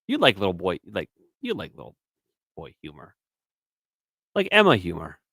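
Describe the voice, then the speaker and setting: A man's voice: deep voice, huge pitch swings, moderate pace, fairly bright tone, breathy edge, dry recording, clean studio sound. A man co-hosting a casual live-stream show, reading chat messages aloud and teasing his co-host. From Canada. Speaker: podcast co-host.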